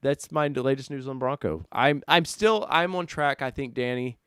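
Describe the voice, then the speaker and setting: A man hosting a casual live-stream car chat, talking loosely and excitably, jumping from loud bursts to mutters. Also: mid-range voice, normal speed, clean tone, no echo, clean studio sound. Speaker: host.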